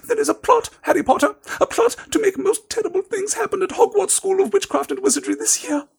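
A squeaky frantic house elf. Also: male voice, lively intonation, brisk, vocal fry, exaggerated voice. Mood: frantic pleading. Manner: high squeaky pleading.

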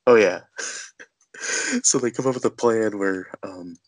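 Man, low voice, casual rambling recap, lots of fillers, dry close sound. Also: slow, dry recording. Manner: rambling, filler-heavy storytelling with laughs.

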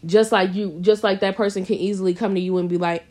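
A woman's voice: mid-range voice, steady tone, quick pace, warm tone. A woman co-hosting a podcast, talking earnestly and with emphasis in casual chat. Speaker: podcast co-host.

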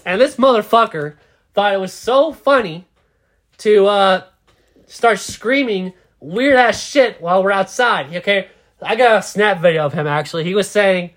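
A man's voice: high voice, moderate pace, a bit bright. A young man casually telling a rambling, profane story as a podcast co-host.

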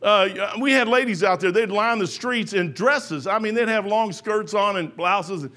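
A man's voice: sits high, normal speed, bright, forceful tone. A man preaching a sermon in a folksy, rambling way, full of restarts.

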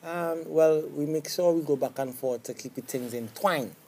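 A man's voice: a little high, moderate pace, a little mellow. A Trinidadian man, a soca artist being interviewed in a TV studio, who rambles and keeps asking "you understand?". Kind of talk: casual interview chat.

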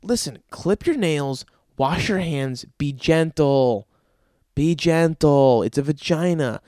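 A man's voice: fairly high pitch, lively intonation, slow, dark tone, dry recording, clean studio sound. A young man hosting a podcast, telling crude stories and ranting with a lot of profanity. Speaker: podcast host. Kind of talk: crude comedic storytelling podcast.

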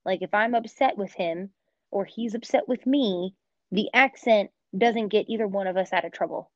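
An American woman co-hosting a podcast, chatting casually with lots of "like" and quick laughs. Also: medium pitch, darkish tone, dry recording, dull audio. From United States. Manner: chatty, filler-heavy, laughs often. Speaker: podcast co-host. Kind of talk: casual chat.

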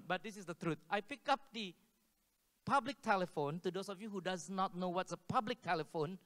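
A man's voice: high-pitched, normal speed. Man preaching, tells stories, acts out voices, big echoey hall. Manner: animated, acts out dialogue with laughs. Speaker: pastor. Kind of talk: sermon storytelling. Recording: hall with long reverb.

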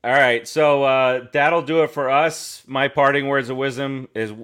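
A man's voice: medium pitch, fairly even intonation, a little slow, a bit bright, clean tone. A man hosting a casual sports podcast, easygoing and chuckling as he moves the talk along. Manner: easygoing, chuckling, leads the segments. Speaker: podcast host.

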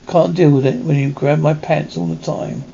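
A man's voice: on the high side, fairly even intonation, moderate pace, creaky, mellow, slight background noise. A man doing a rambling manic asylum patient. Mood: agitated. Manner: rambling, jittery, rants. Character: manic male ex-pilot in a psych ward. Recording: dull lo-fi recording.

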